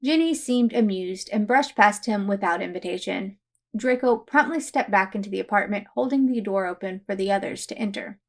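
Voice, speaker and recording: A woman narrating fan fiction aloud, in a steady storytelling manner. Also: mid-range voice, moderate pace.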